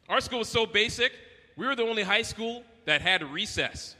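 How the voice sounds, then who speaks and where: On stage at a live venue, a man from Canada delivers crude, brash stand-up comedy, doing voices for his characters. He sounds high-pitched, bright and forceful, and the hall is echoey with a little background noise.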